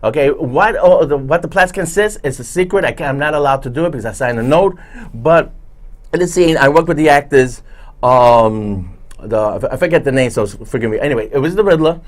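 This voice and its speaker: A man with a mid-range voice speaks a little fast while hosting a casual talk show. He's a show host and background actor, telling rambling stories packed with fillers and restarts in casual chat.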